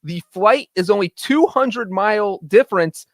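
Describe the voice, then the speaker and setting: A man with a slightly high voice co-hosts a casual sports betting podcast, laying out his picks in confident, full arguments. His sound is close and dry, with hardly any room around it. He talks like a regular breaking down the week's games. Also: unhurried, dry recording. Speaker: podcast co-host, NFL betting analyst.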